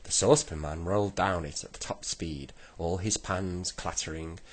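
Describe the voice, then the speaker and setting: A man reading a children's storybook aloud slowly and gently. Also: deep voice. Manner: slow, gentle storybook reading with voiced characters. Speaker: reader.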